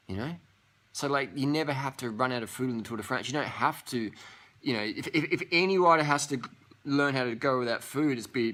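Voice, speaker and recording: A man's voice: mid-range voice, bright, forceful tone. A young man ranting bluntly to camera, scornful and full of swearing. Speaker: vlogger. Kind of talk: profane rant to camera.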